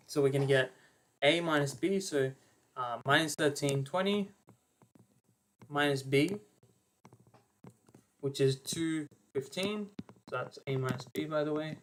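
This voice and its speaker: A young male maths tutor with a voice on the high side gives an online revision lecture, casually walking through each step of his working with fillers and quick self-corrections.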